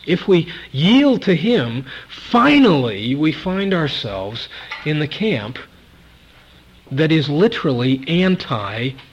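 A man's voice: on the high side, very animated, slow pace, breathy edge. Emphatic preacher, a man, on lo-fi tape. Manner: emphatic, repeats key words, swings between loud and soft. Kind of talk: sermon.

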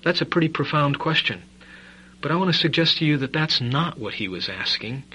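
A male preacher with a bright, sharp-edged voice delivers a sermon. He leans hard on key phrases and asks the listeners rhetorical questions. Then he drops to quiet, intimate asides. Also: a little high, animated, fairly quick, slightly rough, dull audio. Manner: emphatic, rhetorical questions, swings between loud stress and quiet asides. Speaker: preacher and Bible teacher.

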